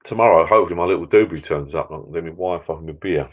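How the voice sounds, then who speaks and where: A middle-aged man with a deep, low voice rambles to his live-stream viewers from a small backyard shed bar, tired and a few beers in, with the odd mild swear. The audio is dull and lo-fi, as if picked up by a laptop mic. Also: fast talker. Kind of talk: casual live-stream chat.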